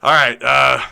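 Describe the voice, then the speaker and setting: A man hosting a live sports podcast, ranting loudly with opinions and jokes, laughing often as he reads viewer comments. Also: medium pitch, vocal fry. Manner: loud, opinionated, joking rants with frequent laughs. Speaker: podcast host. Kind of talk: live-stream sports chat reading comments.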